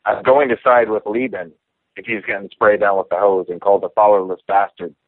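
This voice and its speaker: Low-voiced man on a tinny phone line. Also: brisk, no echo. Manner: relaxed storyteller acting out quotes. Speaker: interview guest, professional fighter. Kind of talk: casual storytelling interview.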